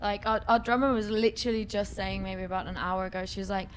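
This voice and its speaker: A woman's voice: mid-range voice, fairly even intonation, fast talker, few pauses. Rambling young woman, faint festival noise. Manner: rambling, filler-heavy, swearing. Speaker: band member, interview guest. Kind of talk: casual chat.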